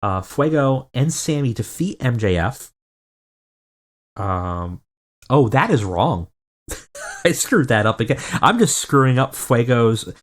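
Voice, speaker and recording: A man's voice: medium pitch, big pitch swings, slow pace, long pauses. A man giving casual, rambling commentary on a wrestling management game, often correcting himself. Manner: rambling, self-correcting, chuckling. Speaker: video game let's player.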